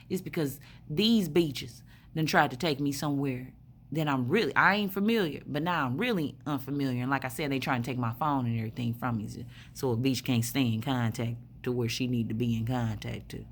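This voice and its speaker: A woman's voice: a bass voice, expressive, normal speed, a little hiss or hum. A woman in a hospital room telling a rambling story in a blunt, profane way, full of fillers. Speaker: spiritual vlogger. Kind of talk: casual storytelling monologue.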